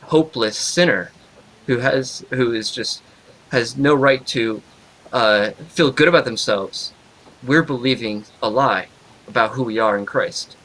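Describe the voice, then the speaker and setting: A man who works as a Christian therapist, chatting as a guest and telling stories in a lively way. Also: medium pitch, a little slow, rough recording. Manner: lively storyteller, laughs easily. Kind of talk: casual chat.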